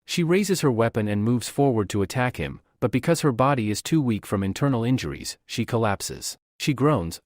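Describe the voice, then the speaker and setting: Lively man narrating a comic story. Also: medium pitch, normal speed, hardly any pauses, no room sound, clean studio sound.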